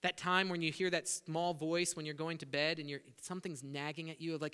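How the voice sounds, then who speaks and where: Pastor, male, high bright voice, animated sermon delivery, reverberant church hall. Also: brisk, few pauses, clean tone. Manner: animated preaching, acts out prayers to God.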